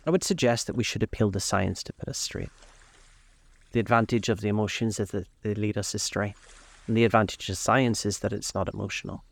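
A man's voice: lowish voice, steady tone, fairly quick, creaky. A man voicing a witty, languid young aristocrat who talks in drawling epigrams.

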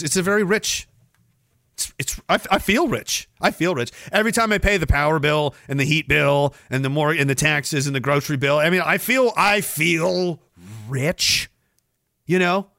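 Guy ranting on his stream, swears a ton, bright voice, bounces all over. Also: on the high side, moderate pace, dry recording, studio quality. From Canada. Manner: animated, sarcastic, swears a lot, laughs often. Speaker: livestream podcast host. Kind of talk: profane ranting chat with viewers.

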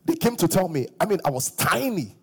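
A middle-aged pastor preaching a sermon, breaking into sung phrases and shouts and acting out quoted voices. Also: male voice, sits high, big pitch swings, brisk, husky.

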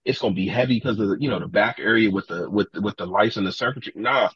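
A man, a podcast guest, telling animated stories in casual talk, acting out other people's lines and swearing freely. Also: on the low side, quick pace, breathy edge, no room sound, highs cut off. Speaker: podcast guest, sneaker collector. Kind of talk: casual storytelling.

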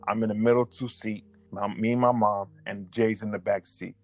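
A man's voice: lowish voice, moderate pace, soft background music. A man telling a personal story in a casual way. He talks animatedly and often repeats himself and starts his sentences over. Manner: animated, repetitive, restarts and self-corrections. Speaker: storyteller recounting a memory.

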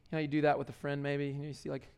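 A man's voice: fairly high pitch, monotone, racing, darkish tone, clear, resonant tone. A man preaching a sermon in a loose, conversational way, full of fillers and restarts. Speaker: pastor.

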